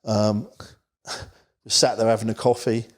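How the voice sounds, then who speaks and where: Rambling man, low voice. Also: level tone, takes it slowly. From England, Isle of Wight. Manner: rambling, full of "you know" asides. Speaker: podcast guest. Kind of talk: casual storytelling chat.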